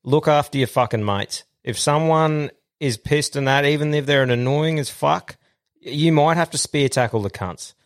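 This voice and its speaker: A man's voice: a little high, moderate pace. An Australian man hosting a podcast, chatting casually and swearing in a laid-back, blokey way. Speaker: podcast host. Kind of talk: casual chat.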